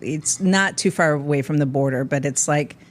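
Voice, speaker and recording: Low-voiced chatty woman comedian. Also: normal speed. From Midwest US. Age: middle-aged. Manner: chatty, laughing, rambling storyteller. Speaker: comedian guest. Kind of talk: casual chat.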